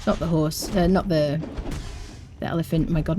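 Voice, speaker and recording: An English woman streaming a game, chatting casually and playfully with her viewers and often dropping into quiet asides. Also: low-pitched, steady tone, normal speed, music in the background. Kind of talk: casual live-stream chat while gaming.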